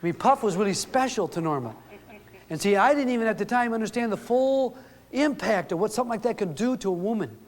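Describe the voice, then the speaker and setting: A middle-aged man with a high, animated voice talks quickly, telling earnest, folksy stories to an audience and acting out the quotes as he goes. The recording carries a long hall reverb.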